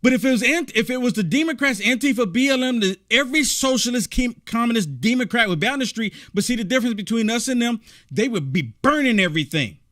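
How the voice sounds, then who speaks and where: A man's voice: extremely high pitch, animated, quick pace, a bit bright. A man hosting a political commentary show, reacting to clips in a rambling, repetitive, indignant rant.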